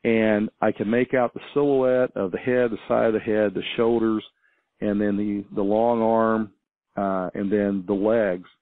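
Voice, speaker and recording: A man's voice: lowish voice, level tone, measured pace, dry recording. Man rambling over a tinny phone line. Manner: rambling, hesitant, many restarts and fillers. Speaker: caller. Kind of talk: casual storytelling on a call-in show. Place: small farm town.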